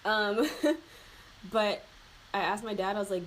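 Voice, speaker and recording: Doing her makeup on camera, a young beauty vlogger talks casually in a mid-range, animated voice at a measured pace. She's emotional and near tears, filling her speech with fillers and laughs, and there's background noise.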